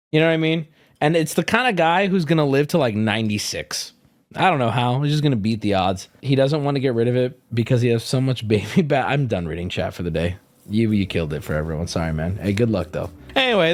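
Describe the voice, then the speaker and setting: A man's voice: medium pitch, fast, no room sound. A man streaming, telling stories in casual chat with lots of swearing. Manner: animated, profane storytelling.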